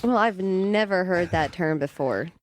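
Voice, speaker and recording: Lively flustered woman in a studio. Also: fairly low pitch, unhurried, slight background noise. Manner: flustered, laughing protests. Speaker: studio guest. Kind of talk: casual on-air chat. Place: radio studio. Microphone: studio microphone.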